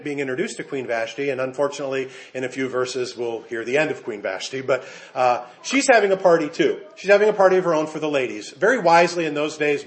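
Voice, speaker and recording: An American man preaching a sermon, animated and emphatic, with jokes for the congregation. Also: on the high side. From United States. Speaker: pastor.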